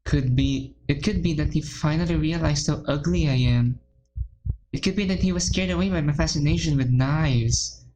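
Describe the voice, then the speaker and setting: A woman reading a shy, self-loathing teenage girl in first person, quiet and shaky. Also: low-pitched, moderate pace, a little hiss or hum, lightly acted, rough recording. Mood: despairing.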